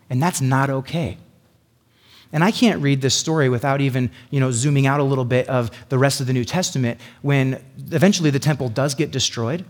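A man preaching a sermon as a pastor, telling the story in an animated, sarcastic way. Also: mid-range voice, slightly rough. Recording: hall reverb.

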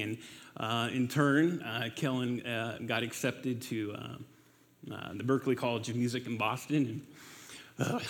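A man in his forties giving a personal testimony in church, halting with many fillers and laughing at himself. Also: mid-range voice, fairly bright tone. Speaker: guest speaker. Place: church hall. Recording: reverberant hall.

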